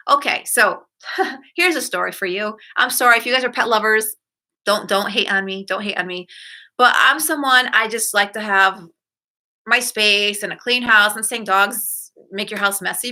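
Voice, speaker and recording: A middle-aged woman hosts a self-help podcast as a casual solo talk, her voice medium in pitch with a sharp tone. She rambles and corrects herself as she goes, acting out quoted lines in a shifted voice.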